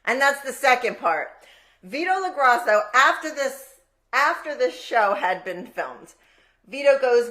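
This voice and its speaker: A woman who produces and co-hosts a podcast, a chatty, animated storyteller in casual banter. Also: mid-range voice, measured pace.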